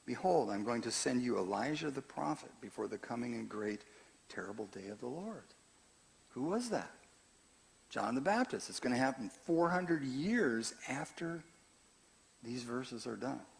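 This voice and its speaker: An older man preaching a sermon in a conversational way, dropping to quiet asides and rising to loud, emphatic scripture reading. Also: mid-range voice, lively intonation, measured pace, creaky. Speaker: pastor.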